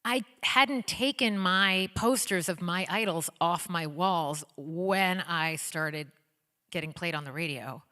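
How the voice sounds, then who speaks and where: A woman's voice: fairly low pitch, slow. Bubbly woman telling stories onstage. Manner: bubbly, excited storytelling, many likes and ums. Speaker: guest, pop singer and author. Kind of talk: onstage interview. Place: auditorium stage before an audience. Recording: long reverb of a hall.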